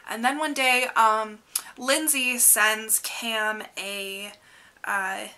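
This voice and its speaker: Young woman, slightly high voice, bright and sharp tone, rambling casual book recap, lots of "like". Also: steady tone, drawn-out words. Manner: chatty, rambling, heavy use of "like"; laughs often while talking. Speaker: book vlogger.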